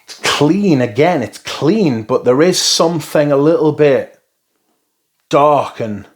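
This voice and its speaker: A man's voice: a little high, lively intonation, takes it slowly. Blunt, sweary man reviewing perfume. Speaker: fragrance reviewer. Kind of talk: casual first-impression review.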